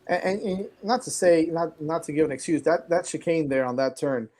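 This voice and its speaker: A man's voice: a little high, brisk, a little mellow. A man hosting a casual motorsport podcast, rambling with lots of fillers and laughing along with his co-hosts. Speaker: podcast host. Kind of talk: casual sports chat.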